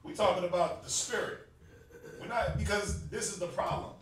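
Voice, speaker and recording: A man with a Southern US accent teaches a religious class in a casual, joking, conversational way, laughing often and using slang. His voice is high-pitched and steady at a moderate pace, recorded in an echoey room with the mic far off and a faint hiss.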